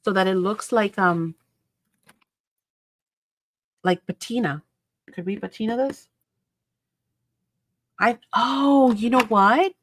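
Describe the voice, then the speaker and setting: A woman's voice: mid-range voice, slow pace, long pauses. A woman hosting a crafting video, chatting casually as she works and rambling through stories that trail off mid-sentence. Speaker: crafting channel host. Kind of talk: casual crafting chat while working.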